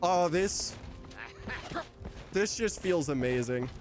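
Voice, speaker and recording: A man's voice: fairly high pitch, lively intonation, takes it slowly. A man casually commenting on his gameplay as a streamer, joking, laughing often and swearing now and then. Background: game music.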